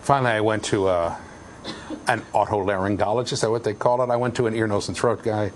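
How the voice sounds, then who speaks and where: A man's voice: on the low side, fast, slight background noise. A middle-aged man giving a university classroom lecture, joking with students and raising his voice to stress points. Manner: animated, jokey, shouts for emphasis.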